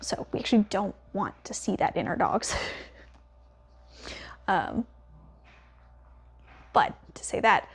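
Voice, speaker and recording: Breathy woman dog trainer, calm and steady. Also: mid-range voice, slow pace, long pauses. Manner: calm, steady, softly praising with quiet whispers. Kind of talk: training demonstration with explanation.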